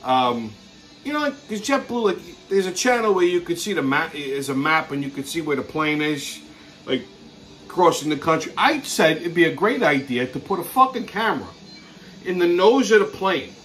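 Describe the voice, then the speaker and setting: A man's voice: fairly high pitch, sing-song, normal speed, fairly bright tone, faint music behind. A man hosting his own show, ranting crudely and swearing nonstop in an exasperated comedic way. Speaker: podcast host. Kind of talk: profane comedic rant.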